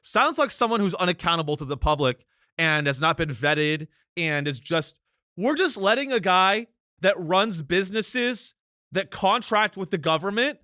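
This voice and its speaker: A man's voice: high-pitched, expressive, normal speed, dry recording, studio quality. Sarcastic, ranting male podcast host. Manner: sarcastic, ranting, swings to loud outbursts. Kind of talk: comedic political commentary.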